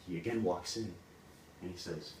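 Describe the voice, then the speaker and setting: Casual low-voiced male storyteller. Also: moderate pace, darkish tone. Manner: casual, full of "like" and "he's like". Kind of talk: casual retelling of a fairy tale. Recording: roomy, distant mic, background noise.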